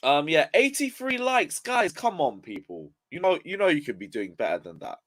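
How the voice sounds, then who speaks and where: A young man, just out of bed and still yawning, vents about his football club on a live stream. He swears freely and reads viewers' comments aloud in a frustrated, casual rant. His voice sits a little high for a man. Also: very animated, moderate pace, a bit bright. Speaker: football livestreamer.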